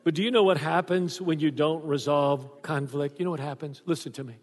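An older man preaches a lively sermon, acting out the people in his stories. His voice sits a little high for a man. It rings with the long reverb of a large church hall. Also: brisk. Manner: animated storytelling, acts out voices in quotes. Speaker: pastor.

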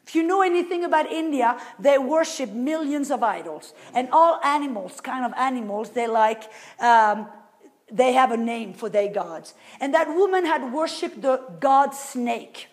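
A woman preacher delivering a sermon, asking the audience rhetorical questions and swinging between loud and very soft. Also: high-pitched, animated, measured pace.

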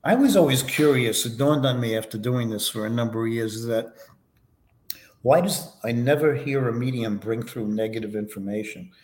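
A man as a podcast guest, answering interview questions in a relaxed, anecdotal way with many fillers. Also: mid-range voice, normal speed, roomy sound. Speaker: podcast guest, foundation vice president.

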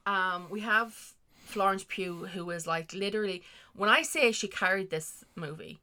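A woman's voice: medium pitch, moderate pace, pushed and bright. A young woman co-hosting a podcast, chatting casually and swearing freely, sitting a little back from the mic. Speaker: podcast co-host. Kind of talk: casual chat. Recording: slightly distant from the mic.

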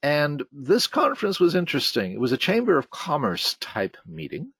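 A man's voice: a little high, wildly swooping pitch, moderate pace, a bit bright, slightly rough, dry recording. A middle-aged man hosting a casual monologue series. He reads old conference topic titles aloud and adds wry, emphatic commentary on each. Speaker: host of a retrospective series.

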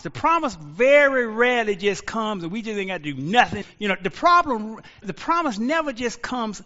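Pastor, male, high bright voice, lively sermon delivery in a reverberant hall, dull lo-fi sound. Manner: preaching with rising shouts and drawn-out pauses. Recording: lo-fi audio with long reverb.

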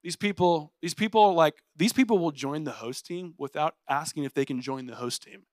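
A young adult male pastor preaching a sermon in a casual, energetic way, saying "like" often. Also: fairly high pitch, normal speed, dry recording, clean studio sound. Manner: animated and playful.

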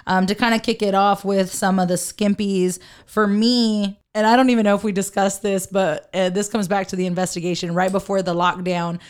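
A woman co-hosting a podcast in casual chat, giggling and retelling scenes with quick acted quotes. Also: mid-range voice, fairly even intonation, clean tone. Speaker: podcast co-host.

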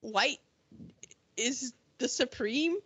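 A woman chatting casually as a podcast co-host, animated and excitable, often acting out what people said. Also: high voice, extremely slow, husky, no echo. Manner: animated, excitable, acts out quoted voices. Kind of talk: casual chat. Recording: dull lo-fi sound.

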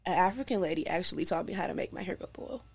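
Give me an animated woman telling a casual story as a podcast guest. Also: lowish voice, very fast, vocal fry, a loud crowd. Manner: animated, addresses listeners as y'all. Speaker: podcast guest, hair oil maker.

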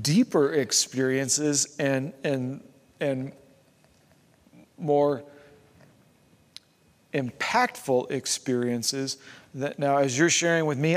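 A man preaching a sermon as pastor, conversational, with rhetorical questions and asides to his congregation. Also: on the high side. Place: church sanctuary. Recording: long hall reverb.

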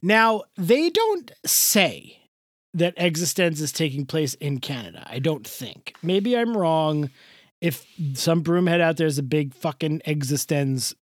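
A man's voice: on the high side, sing-song, a little slow, no echo, studio quality. A man co-hosting a podcast in casual, jokey chat, swearing often. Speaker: podcast co-host.

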